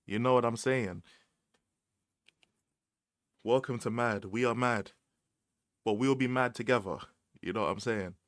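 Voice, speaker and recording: A man's voice: mid-range voice, measured pace, pauses often, dry recording, studio quality. A young man with a London accent, chatting casually on a livestream, full of slang and repeated phrases, laughing often. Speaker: livestream host. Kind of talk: casual livestream chat about football.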